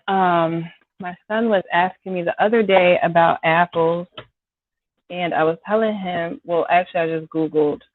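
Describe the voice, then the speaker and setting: Woman chatting to viewers while she cooks, kinda scratchy throat, sounds like a phone line, no room echo. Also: on the low side. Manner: chatty, talks to viewers by name, apologetic. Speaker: home cook hosting a live cooking stream. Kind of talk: casual live-stream chat while cooking. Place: home kitchen. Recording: dry, tinny phone-like sound.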